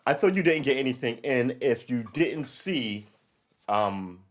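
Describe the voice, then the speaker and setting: Guy rambling on his live stream, mid-pitched, keeps correcting himself, reads chat. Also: expressive, unhurried. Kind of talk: casual rambling commentary.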